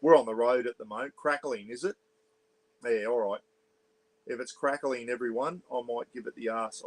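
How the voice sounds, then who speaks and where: With a medium-pitched voice at a moderate pace, an Australian man runs a casual iPad livestream from a small caravan, greeting viewers and reading their comments aloud. He keeps his voice down for the neighbours, and the audio is poor.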